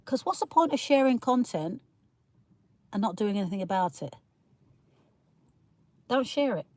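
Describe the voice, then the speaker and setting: A woman's voice: mid-range voice, lively intonation, unhurried, darkish tone, no echo. A woman hosting a casual livestream, rambling through her opinions, laughing often and greeting viewers as she reads their comments. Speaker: livestream host reading chat comments.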